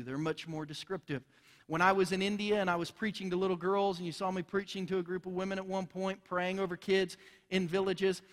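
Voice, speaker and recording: A man's voice: high voice, fairly bright tone. A man preaching a sermon as pastor, earnest and emphatic, building in intensity as he drives his points home. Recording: long reverb of a large hall.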